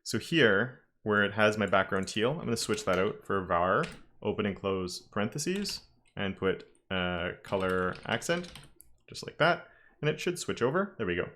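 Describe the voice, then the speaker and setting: A man's voice: lowish voice, lively intonation, normal speed, a bit bright, a little hiss or hum. A man teaching a live-streamed coding lesson, talking casually and thinking aloud with frequent self-corrections. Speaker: web development instructor.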